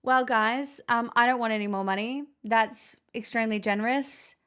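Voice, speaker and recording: A woman's voice: on the high side, fairly even intonation, moderate pace, fairly bright tone, clear, resonant tone. A woman hosting a livestream, chatting casually and teasing her chat with jokes. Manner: teasing, jokey banter with chat. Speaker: livestream host.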